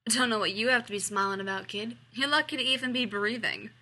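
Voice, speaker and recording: A woman voicing a grumpy male doctor with a Southern US accent, gruff and scolding. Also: on the high side, fast talker, pushed and bright.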